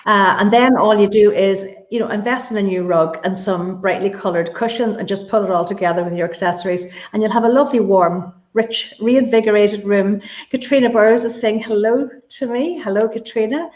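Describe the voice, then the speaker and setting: In an echoey room with dull, lo-fi sound, a woman with an Irish Donegal accent hosts a live-streamed interview, effusively and enthusiastically reading out viewer questions. Her medium-pitched voice is a little mellow, and she talks briskly with hardly any pauses.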